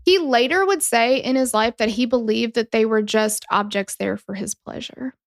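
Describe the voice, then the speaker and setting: A woman's voice: fairly high pitch, normal speed, no room sound, studio quality. A woman co-hosting a true-crime podcast, chatting casually with lots of fillers and some swearing. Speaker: podcast co-host.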